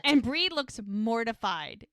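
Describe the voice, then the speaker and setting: A woman's voice: fairly high pitch, sing-song, takes it slowly, a bit bright, clear, resonant tone, no echo. A woman co-hosting a podcast, casually retelling TV scenes and quoting the characters' lines. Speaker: podcast co-host recapping episodes. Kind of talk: casual recap chat.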